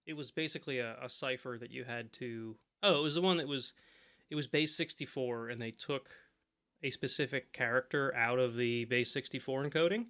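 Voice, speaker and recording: A man's voice: mid-range voice, brisk, fairly bright tone. A man co-hosting a podcast in casual chat, telling stories and laughing often. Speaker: podcast co-host.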